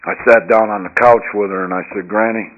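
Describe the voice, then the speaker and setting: A man with a somewhat low voice shares his recovery story as an earnest personal testimony. He moves between hushed, quiet stretches and loud, emphatic passages. The recording sounds dull and lo-fi. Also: fairly even intonation, fairly quick. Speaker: speaker sharing his recovery story at a recovery meeting.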